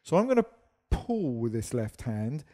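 A man's voice: medium pitch, big pitch swings, normal speed, warm tone. A man teaching a partner dance, explaining steps and counting beats in a chatty, self-deprecating way while losing his voice.

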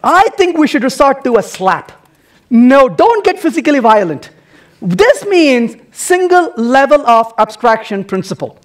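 A man with a very high voice speaks to a conference audience, his pitch swooping up and down. He teases the room with rhetorical questions and keeps the tone playful throughout a technical talk. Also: very animated, unhurried. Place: conference hall.

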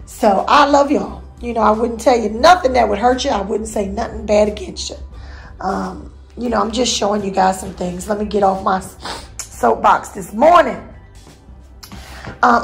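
A woman's voice: mid-range voice, moderate pace, soft background music. A middle-aged woman hosting a home vlog, chatting to her viewers in a folksy, encouraging way. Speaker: vlog host. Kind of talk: casual chat to viewers.

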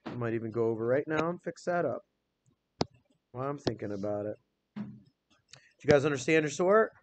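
A man's voice: medium pitch, lively intonation, fairly quick, noisy background. A male teacher leading a classroom phonics lesson, patiently spelling words out letter by letter and quizzing students by name.

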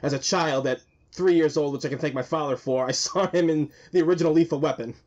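A man's voice: a little high, fast talker, a little mellow, highs cut off. A man co-hosting a podcast, asking hesitant questions full of fillers. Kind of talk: casual podcast interview.

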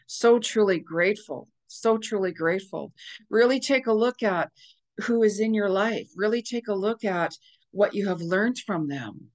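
A woman's voice: mid-range voice, expressive, measured pace, darkish tone. A woman psychic medium giving a casual astrology forecast, gushing and repetitive in a spiritual tone.

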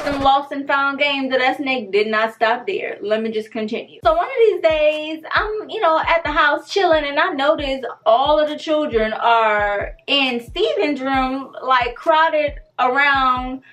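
A young woman, telling a story in a loud, animated, profane way. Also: sits high. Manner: animated, profane, dramatic retelling. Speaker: storytime vlogger. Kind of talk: casual storytime.

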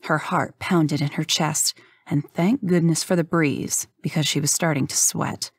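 A woman narrating an audiobook in a measured, even storytelling manner. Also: sits low, slightly rough, dry recording, studio quality.

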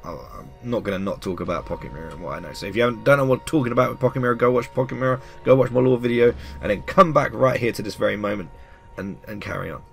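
A man's voice: fairly low pitch, racing, gravelly, faint music behind. A man doing casual let's-play commentary, chatty and reactive, often laughing.

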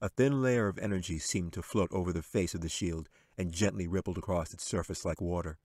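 A man, the author, narrating his fantasy novel in a measured, expressive way. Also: low voice, no echo, clean studio sound. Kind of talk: audiobook narration.

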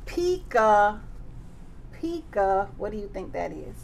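A woman's voice: medium pitch, sing-song, slow, gravelly, slight background noise. A woman teaching circle time to young children, singing nursery songs and reading a picture book with playful animal sounds. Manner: playful, sing-song, animal sounds and big exclamations.

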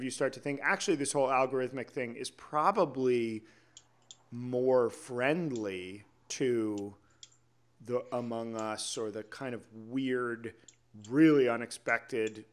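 A man's voice: medium pitch, a bit bright. A man hosting a podcast, chatting casually and agreeably while building on his guest's points. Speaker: podcast host.

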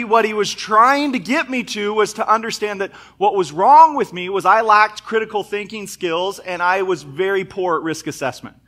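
Bright-voiced man in his thirties preaching. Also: high-pitched. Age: 30s. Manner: conversational, self-deprecating storytelling with scripture reading. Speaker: pastor. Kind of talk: sermon. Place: church sanctuary.

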